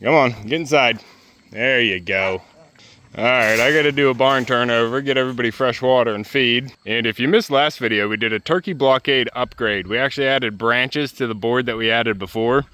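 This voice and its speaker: A man's voice: medium pitch, brisk, few pauses, sharp tone, a little hiss or hum. A man vlogging from his homestead outdoors, chatting casually and coaxing his ducks, geese and turkeys along. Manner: coaxing, chatty talk to farm birds. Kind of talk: casual vlog narration. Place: outdoors on a farm yard and pasture.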